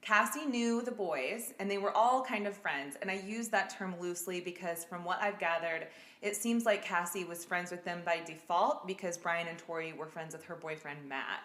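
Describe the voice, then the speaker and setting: A woman's voice: lowish voice, moderate pace, fairly bright tone. A woman hosting a casual true-crime podcast, giggly and trying to keep the story on track. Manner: giggly, keeps trying to get back on track. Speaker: podcast host. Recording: echoey room.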